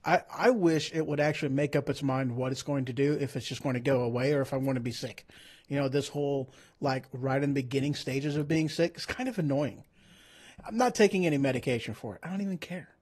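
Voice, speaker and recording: A streamer host chats casually on a livestream about the Bible in a medium-pitched, fast, slightly mellow and rough voice. He rambles, goes off on tangents, and jokes at his own expense, mentioning that he feels he's coming down with a cold.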